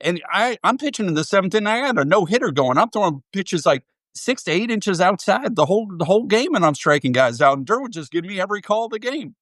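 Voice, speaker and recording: Man putting on a Southern drawl, high-pitched old pitcher, animated folksy storytelling, dry close sound. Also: fast talker, hardly any pauses, no echo. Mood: amused. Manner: drawling, animated yarn-spinning. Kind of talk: impression within an interview.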